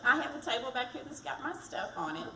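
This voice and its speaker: This woman talks fast in a high, sing-song voice that's gravelly yet a bit bright. She's campaigning for county treasurer at a fire department community event, chatty and self-deprecating throughout. The sound is distant and echoey, with background noise.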